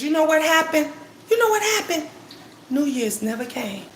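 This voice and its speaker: A middle-aged woman vlogger delivers an emotional, impassioned, preachy monologue to her viewers, repeating phrases and swearing bluntly. Her high voice swings widely in pitch at a moderate pace. The recording has a roomy echo.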